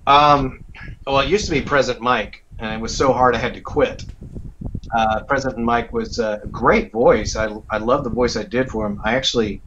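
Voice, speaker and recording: A man's voice: mid-range voice, normal speed, dull audio, slight background noise. A man, a voice actor being interviewed, talking casually with lots of fillers and restarts. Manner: relaxed, rambling, with many fillers. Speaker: voice actor guest. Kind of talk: casual interview over a call.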